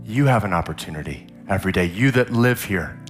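A male guest pastor preaching at a church service, spinning a story with lots of drama. His pitch swings widely as he talks, and faint music sits under his voice. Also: a little fast. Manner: animated, vivid storyteller. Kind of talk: storytelling sermon.

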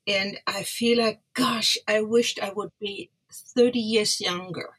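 A woman's voice: medium pitch, steady tone, slow pace, fairly bright tone, slightly rough, poor audio. An older woman, a guest instrument restorer, speaking hesitantly and searching for words. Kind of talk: casual interview chat.

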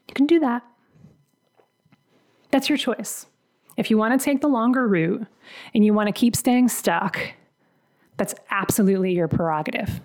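A woman's voice: on the high side, normal speed, long pauses. Emphatic woman coaching listeners. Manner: earnest, emphatic, acts out quoted dialogue. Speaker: career coach. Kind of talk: motivational podcast monologue.

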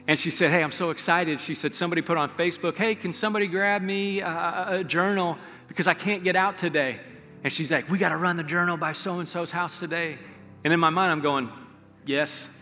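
A man preaching a sermon as pastor, impassioned, dropping to a hush and then rising loud. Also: on the high side. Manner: impassioned, swings between hushed and loud. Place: large church auditorium. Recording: long hall reverb, faint music.

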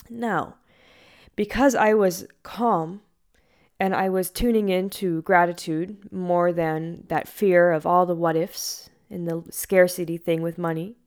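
A woman giving a reflective spiritual talk as a meditation teacher, gentle and earnest in manner. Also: on the low side. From Hawaii. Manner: gentle and earnest, with lively acted quotes.

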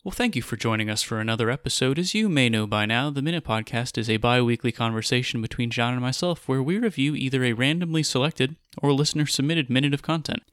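A man co-hosting a podcast in casual chat, easygoing and smooth when reading intros. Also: lowish voice, fairly bright tone, no echo, clean studio sound. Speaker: podcast co-host.

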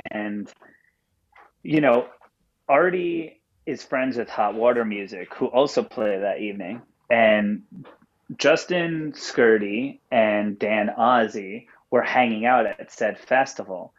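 A man phones in as a podcast guest and tells his story in a loose, rambling way, packed with fillers and casual swearing. His voice sits at an ordinary mid pitch. The call-in audio sounds dull and muffled.

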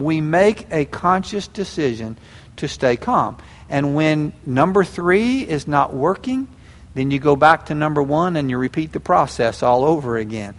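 Older preacher with a lively pitch. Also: male voice, unhurried, in a large hall. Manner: animated storytelling, acting out prayers and quotes. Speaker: pastor. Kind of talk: sermon.

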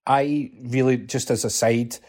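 A man's voice: medium pitch, fairly even intonation, unhurried, darkish tone. Wry man arguing his point. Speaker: podcast co-host. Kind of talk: casual gaming podcast chat.

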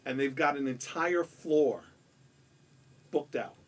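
A man from Queens with a New York accent, telling a story on a podcast in an animated, profane way and acting out the quotes. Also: mid-range voice, takes it slowly, far from the mic. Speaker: podcast guest. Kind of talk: casual storytelling.

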